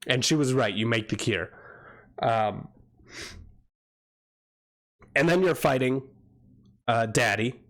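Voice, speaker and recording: A man's voice: mid-range voice, slow, long pauses, a bit bright. A young man casually commenting on games during a livestream, rambling with crude, jokey asides. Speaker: streamer.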